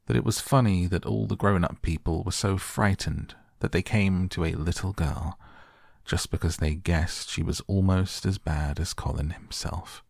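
Deep, slow, gravelly bedtime reader. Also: male voice, dry recording, clean studio sound. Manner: slow, calm, measured. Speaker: audiobook narrator. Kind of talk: soft bedtime audiobook reading.

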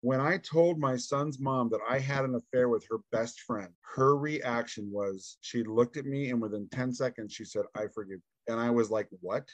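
A man's voice: medium pitch, normal speed, few pauses, dry recording, poor audio. A man, a podcast guest, telling his own story candidly and acting out what people said to him, drained and tired after telling it. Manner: candid, animated, acts out quoted dialogue. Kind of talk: emotional personal storytelling.

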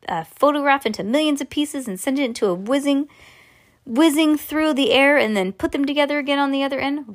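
An eccentric, excitable chocolate maker, as a woman reading aloud puts him on. He explains things eagerly in a fairly high voice and breaks into excited exclamations, like a storybook read at home.

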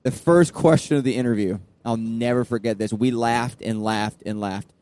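A man in casual podcast chat, telling animated tour stories and acting out fans' lines. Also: mid-range voice, normal speed. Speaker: podcast guest, touring musician.

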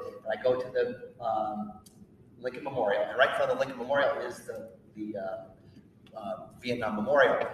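A male teacher telling a personal story to an audience, animated and acting out what people said. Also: mid-range voice. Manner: animated storyteller, acts out quotes. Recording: echoey hall, distant mic, faint noise.

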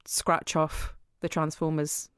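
Woman, low voice, casual chat, candid and sweary, dry close recording. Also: monotone, slow pace, fairly bright tone, smooth, no echo. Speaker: actress and podcast co-host.

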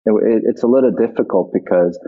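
A man's voice: on the low side, brisk, husky. A middle-aged man, a guest actor, reminiscing in a casual interview, rambling and reflective with many restarts. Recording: tinny phone-like line.

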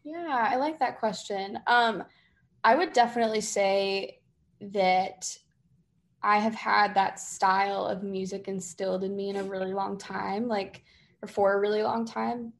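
A woman's voice: mid-range voice, unhurried, vocal fry. Chatty young woman musician. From Massachusetts, near Boston. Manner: chatty, many fillers, animated quoting. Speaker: singer-songwriter guest. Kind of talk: casual interview.

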